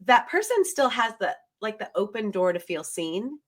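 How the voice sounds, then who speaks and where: A woman's voice: mid-range voice, big pitch swings, normal speed. A woman hosting a podcast, reflecting on her guest's points and summing up what she hears. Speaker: podcast host and keynote speaker. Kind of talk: conversational podcast interview.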